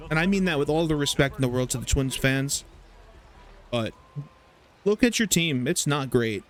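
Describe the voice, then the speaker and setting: A young man casually commentating his baseball video game, rambling, swearing and getting excited over plays. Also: medium pitch, normal speed. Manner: chatty, rambling, profane, excitable. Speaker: gaming YouTuber. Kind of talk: casual let's-play commentary.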